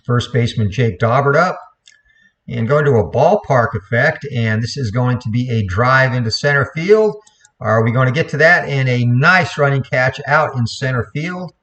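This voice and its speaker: A man calling play-by-play for a replayed computer baseball game, in a steady voice, correcting himself now and then. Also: mid-range voice, moderate pace, muffled recording. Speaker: play-by-play commentator.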